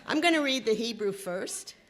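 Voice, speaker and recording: A woman's voice: a little high, animated, moderate pace. A woman reads a poem at an open mic after a wry, chatty introduction. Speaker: poetry reader at an open mic. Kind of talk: casual intro and bilingual poetry reading.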